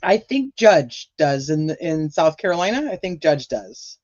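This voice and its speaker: A man's voice: a little high, big pitch swings, measured pace, a little mellow, no room sound. A man hosting a casual livestream, chatting with his viewers, swearing now and then, with a sore throat. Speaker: livestream host. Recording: dull lo-fi dry sound.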